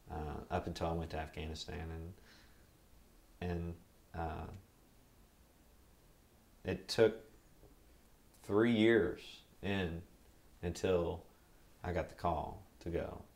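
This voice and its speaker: Young male veteran for an oral history interview, deep and gravelly, relaxed rambling delivery. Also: slow, pauses often.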